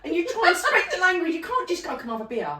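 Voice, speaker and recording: Lively woman, roomy, high voice. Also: quick pace. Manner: reactive listener, gasps and chips in. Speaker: podcast co-host. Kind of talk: casual chat. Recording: roomy, distant mic with faint noise.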